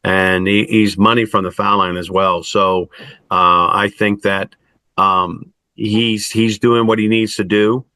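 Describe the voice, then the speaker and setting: Middle-aged coach guy, lowish but bright punchy voice, keeps restarting, says "i mean" a lot. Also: little pitch movement, dry recording. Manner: halting, many restarts and fillers like "I mean". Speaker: college basketball coach. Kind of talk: post-game style interview answers.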